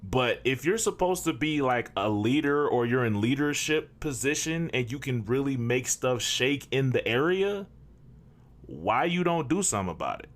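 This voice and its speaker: A man's voice: mid-range voice, big pitch swings, moderate pace. A man giving casual reaction commentary in a laid-back, questioning way. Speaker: reaction video host.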